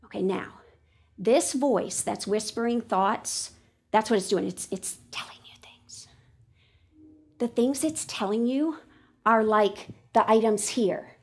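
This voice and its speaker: A woman teacher talking to students in a classroom lesson, lively and expressive, sometimes dropping to a whisper. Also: a little high, a little slow. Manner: animated, drops to a whisper for the thinking voice.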